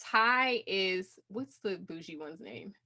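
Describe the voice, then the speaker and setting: A woman's voice: mid-range voice, animated, slow pace, pushed and bright. A woman co-hosting a casual podcast chat, talking loosely with lots of "like" fillers. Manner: chatty, many fillers like "like". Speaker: podcast co-host.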